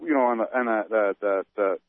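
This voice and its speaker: A man's voice: lowish voice, fairly quick. A man co-hosting a political talk radio show, ranting and firing off rhetorical questions. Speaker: co-host. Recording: tinny phone-like dry sound.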